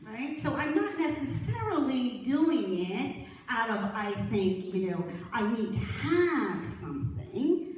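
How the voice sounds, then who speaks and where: A woman's voice: a little high, big pitch swings, slow pace. A woman minister giving an inspirational sermon, telling a story with laughter and checking in with her congregation. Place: sanctuary with altar. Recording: echoey room, speaker far from mic.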